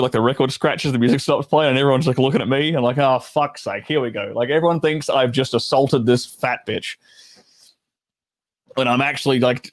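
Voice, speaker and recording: A man's voice: mid-range voice, no echo. A man from Australia with an Australian accent, hosting a casual storytime chat. He talks bluntly, swears freely and drops laughing asides. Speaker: storytelling host.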